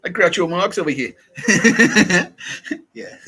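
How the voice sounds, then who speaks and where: A man's voice: fairly low pitch, a little fast, husky, faint music behind, low-quality recording. An Australian man telling a comedy story on a podcast, swearing freely and acting out the voices of the people in it. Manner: profane, animated, acts out quoted voices. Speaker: podcast host.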